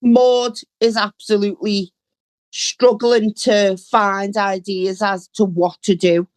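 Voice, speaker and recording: A woman co-hosts a chatty podcast, walking through a sitcom plot at a very unhurried pace. Her voice is mid-pitched and the recording is dry, with little room sound. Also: little pitch movement, dry recording. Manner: slow, storytelling delivery. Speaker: podcast co-host. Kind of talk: casual chat recapping a sitcom episode.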